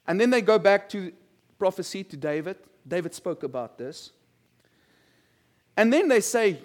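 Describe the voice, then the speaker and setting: A man's voice: high-pitched, expressive, moderate pace. A male pastor preaching a sermon and reading scripture, talking conversationally and putting questions to the congregation. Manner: conversational, asks the congregation questions, repeats words.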